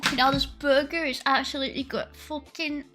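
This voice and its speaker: A woman's voice: high voice, fairly even intonation, fairly quick, pushed and bright. A woman streamer chatting casually with her audience on a live stream. She giggles often, is sarcastic and swears freely. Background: faint lo-fi music.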